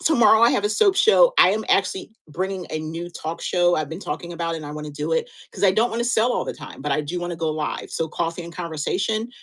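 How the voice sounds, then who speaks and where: A woman's voice: lowish voice, expressive, fast, hardly any pauses, a bit bright, rough recording. A woman in her fifties co-hosting a live-stream sale, chatting in an encouraging, motivational way and often restarting her sentences. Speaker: live-stream seller and co-host.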